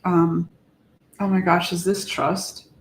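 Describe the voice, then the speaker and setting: A woman co-hosting a podcast, talking in a casual, heartfelt way, reflective and halting as she searches for words. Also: on the low side, flat delivery, a little hiss or hum. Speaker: podcast co-host. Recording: echoey room.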